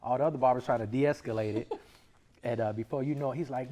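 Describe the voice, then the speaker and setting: A man co-hosting a casual chat, telling a story in a relaxed way with quoted asides. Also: medium pitch, quick pace. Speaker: podcast co-host.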